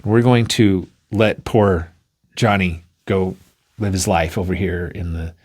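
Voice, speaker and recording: A man explaining an idea through an animated story, acting out the scenes as he goes. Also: low voice, measured pace, slightly rough.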